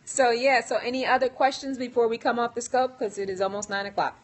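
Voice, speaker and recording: A woman's voice: on the high side, steady tone, fairly quick. A woman hosting a casual live stream from a hair salon, chatty and laughing often, her voice worn as she loses it. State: losing her voice. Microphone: phone.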